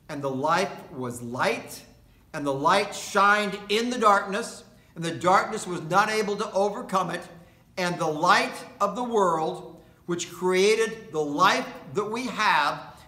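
A pastor preaching a sermon, slow and deliberate, with long pauses and emphatic repetition of key words. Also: male voice, sits high, pushed and bright, roomy sound. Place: indoor worship space at a retirement community.

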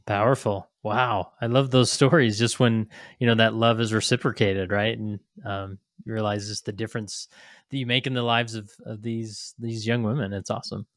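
A man's voice: on the low side, steady tone, normal speed, no room sound, studio quality. A man hosting a podcast interview, encouraging his guest with short affirming replies. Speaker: podcast host. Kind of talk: conversational interview.

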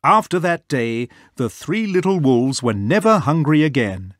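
A young man reads a children's picture book aloud with expressive delivery. His voice sits a little high and swings lively up and down. The sound is close and dry. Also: unhurried, no room sound. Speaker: storybook reader. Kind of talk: children's storybook reading.

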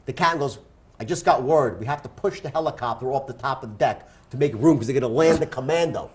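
A man in his fifties with a New York accent, telling a wild story on stage as an interview guest, loud and laughing, acting out the other voices. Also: medium pitch, fast talker. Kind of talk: animated storytelling.

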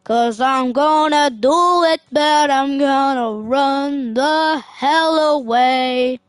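A woman giving casual, excitable gameplay commentary as a streamer. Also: sits high, very slow, no echo. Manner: excitable, yelps and exclaims while playing. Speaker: gaming streamer.

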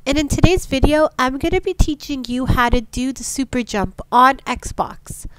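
A woman's voice: high-pitched, normal speed, clear, resonant tone, no room sound, rough recording. A woman hosting a casual gaming tutorial, sick with a stuffy nose, patiently walking through steps and often checking in with "okay?". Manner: patient step-by-step instructing, frequent "okay?" check-ins.

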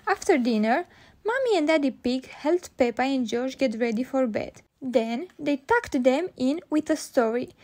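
A woman narrating a children's storybook read-aloud with clear, steady narration. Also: high-pitched, normal speed. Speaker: storybook reader.

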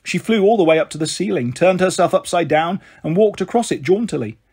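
A man reading a children's book aloud with steady, expressive narration. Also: high-pitched, brisk, husky. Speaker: storyteller.

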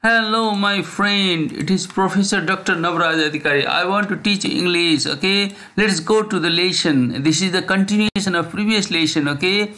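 A man's voice: high voice, bright, forceful tone. A man teaching an English lesson, drilling phrases over and over and checking in with "okay?" after nearly every line. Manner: repetitive, drills phrases slowly, frequent "okay?". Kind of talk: slow spoken English lesson.

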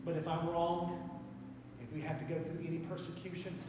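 Man, Appalachian accent, pastor preaching, high voice, distant mic, long hall reverb. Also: flat delivery, moderate pace, background noise. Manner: preaching with rising fervor, repetitive exhortations. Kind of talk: sermon. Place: church sanctuary. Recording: echoey church hall, mic from afar.

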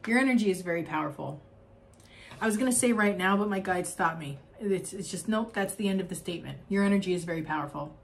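A woman's voice: lowish voice, fast talker, vocal fry, slight background noise. A young adult woman giving a spiritual oracle card reading, talking in an effusive, rambling way with many fillers and frequent laughs.

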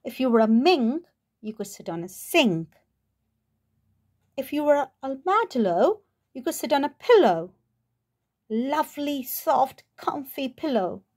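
A woman's voice: high-pitched, very animated, measured pace, long pauses, a little mellow, exaggerated voice. A woman voicing a cheerful male dog who playfully teases, in a children's picture book reading. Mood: teasing. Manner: playful, teasing.

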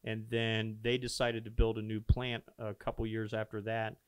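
A man's voice: on the low side, completely flat delivery, normal speed, clean tone, dry recording. An older man, a pastor and podcast guest, talking casually in an easygoing, agreeable way while reminiscing. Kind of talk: casual conversation.

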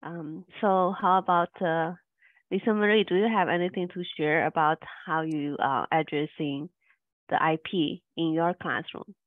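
A woman's voice: low voice, steady tone, measured pace, dry recording. Woman moderator, polite handoff, thin phone-like audio. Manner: brief, polite handoff to next speaker. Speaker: panel moderator. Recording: tinny phone-like line.

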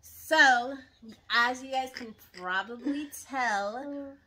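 Bright, animated young woman storyteller. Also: sits high, drawn-out words. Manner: animated and dramatic, acts out her own quotes. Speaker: vlogger telling a story. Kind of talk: casual storytime chat.

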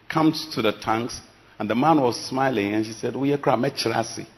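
A middle-aged man delivers a sermon in a slightly raised voice. He preaches emphatically, swinging from loud declarations to hushed lines for drama. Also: a little high. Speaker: pastor.

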